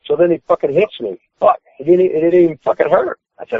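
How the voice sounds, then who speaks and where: A man's voice: on the high side, fast, creaky, hardly any pauses, no echo. A retired wrestler telling his stories on a podcast, swearing constantly and acting out what was said. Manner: swears constantly, acts out his own quotes loudly. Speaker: retired pro wrestler guest. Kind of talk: profane storytelling on a phone-in podcast. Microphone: phone call. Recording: tinny dry phone line.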